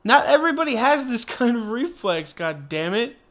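A man giving let's-play gameplay commentary, frustrated and cursing with loud bursts of complaint. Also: very high-pitched, sing-song, moderate pace, slight background noise. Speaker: gamer.

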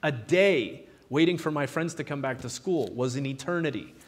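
A man preaching a sermon, retelling Bible stories with lively, animated delivery and quoting the figures in his own voice. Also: on the high side, normal speed. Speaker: pastor. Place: church sanctuary. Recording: long hall reverb in a church.

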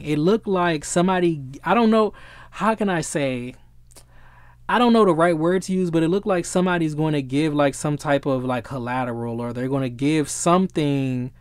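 A man with a somewhat high voice talks through a tarot spread in an easygoing way, grows excitable and swears freely. He often pauses to hunt for the right word. The sound is dry, with no room echo. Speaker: tarot reader. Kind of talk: casual tarot reading to camera.

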